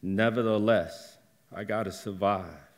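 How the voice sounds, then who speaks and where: Middle-aged guy doing live storytelling, real slow, halting, flares up now and then. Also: lowish voice. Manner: slow, halting delivery with heated outbursts. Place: theater stage.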